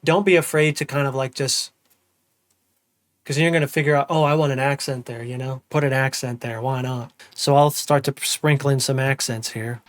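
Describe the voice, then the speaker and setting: A young man giving a casual music production tutorial, humming drum patterns out loud as he works. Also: mid-range voice, normal speed, dry recording. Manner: relaxed, hums and sings drum parts aloud. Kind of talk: casual screen-recorded tutorial.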